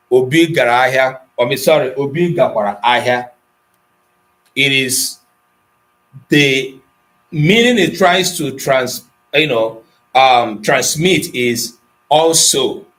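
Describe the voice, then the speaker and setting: A man's voice: mid-range voice, poor audio. A middle-aged Nigerian man with an Igbo accent, teaching an online Igbo language class, explaining patiently and calling on students by name. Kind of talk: online class lesson, mixing Igbo and English.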